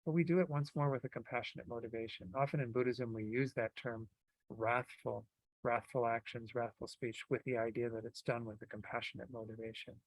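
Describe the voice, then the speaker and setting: Relaxed man giving a dharma talk. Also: medium pitch, fairly quick, no echo, poor audio. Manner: relaxed, conversational teaching with many fillers. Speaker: Buddhist teacher.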